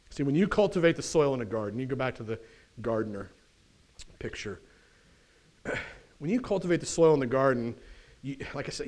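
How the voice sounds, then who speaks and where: A man preaching a sermon as pastor in a church, in a folksy, animated way with casual slang and quick asides. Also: medium pitch.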